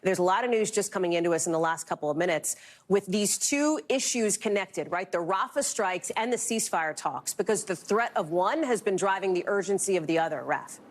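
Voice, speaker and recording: Brisk woman news anchor. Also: medium pitch, expressive. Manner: brisk, emphatic headline delivery. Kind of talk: live cable news anchoring.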